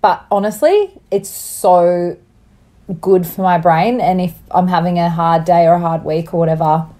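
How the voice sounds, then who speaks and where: Bubbly young mum, rambling chatty co-host, laughs a lot, slight cough. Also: female voice, on the low side, normal speed, mellow. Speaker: podcast co-host. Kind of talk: casual chat.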